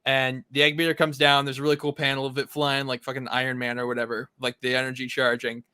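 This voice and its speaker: Smooth, bright-toned male podcast co-host. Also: mid-range voice, fast talker, no echo. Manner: relaxed recapping with fillers. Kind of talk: casual chat.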